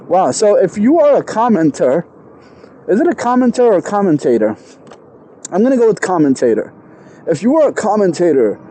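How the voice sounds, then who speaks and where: A man vlogging casually outdoors on a city street with a clip-on mic, deliberately trying to enunciate every word. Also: high-pitched, very animated, mellow, a little hiss or hum, rough recording. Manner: self-aware, trying hard to enunciate. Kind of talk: casual self-talk vlog.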